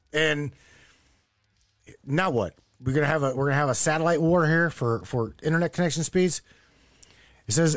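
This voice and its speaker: A man hosting a casual chat show from his home studio, talking in a brash, animated, profane way. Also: a little high. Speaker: host.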